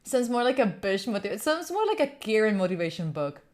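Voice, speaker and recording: Lively playful woman chatting with her stream. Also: mid-range voice, fairly quick. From Italy. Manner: playful, swears and laughs often, talks to chat. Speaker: study streamer. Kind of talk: casual live-stream chat.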